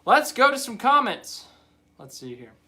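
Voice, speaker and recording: A man's voice: very high voice, very animated, measured pace, pushed and bright. A young man hosting a live stream, chatting casually and rambling as he reads viewer comments aloud. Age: young adult.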